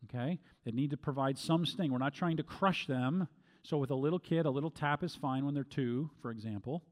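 A middle-aged man delivers instructional Bible teaching at a moderate, ordinary pitch. He talks deliberately and circles back to repeat key phrases for emphasis. His voice rings out with long reverb, as if spoken in a large hall.

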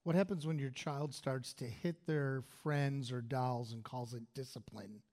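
A man reading out audience questions in a plain, even way. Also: mid-range voice, measured pace. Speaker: question reader.

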